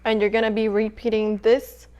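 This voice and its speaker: A young woman hosting a casual home cooking tutorial, chatting in a relaxed way while she cooks and eats. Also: fairly high pitch, normal speed, clean tone, lo-fi sound. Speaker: cooking channel host.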